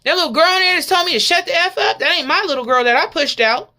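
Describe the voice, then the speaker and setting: A woman preacher playing a desperate mother who pleads loudly and insistently for her possessed child. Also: very high-pitched, animated, a little slow, pitched above the performer's own voice, exaggerated voice. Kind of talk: sermon.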